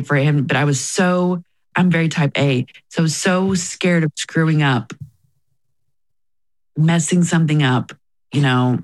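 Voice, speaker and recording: A woman's voice: low-pitched, poor audio. Earnest woman telling her own story. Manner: earnest, reflective, quotes herself and others. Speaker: interview guest. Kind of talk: candid personal story.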